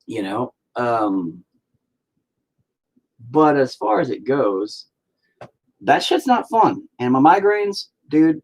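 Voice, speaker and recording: A man's voice: medium pitch, husky. A man chatting casually while painting on a livestream, rambling and swearing freely. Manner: profane, rambling, animated.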